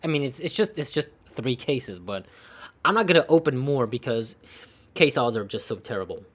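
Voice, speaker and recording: A young man talks casually to his livestream audience, his voice sitting at an ordinary middle pitch. He rambles, restarts sentences and answers small letdowns with dry, sarcastic remarks and short laughs. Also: very animated, normal speed. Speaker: streamer. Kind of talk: casual livestream commentary while opening game cases.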